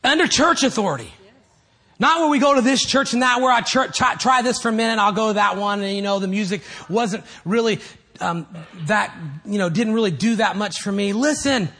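A man preaching a sermon as pastor, animated and rising to loud shouts at times. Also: sits high, moderate pace, husky.

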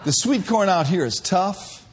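A man from Minneapolis preaching a sermon, playful and animated, sometimes rising to shouts. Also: high voice, a little slow, some chatter behind. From Minneapolis, USA.

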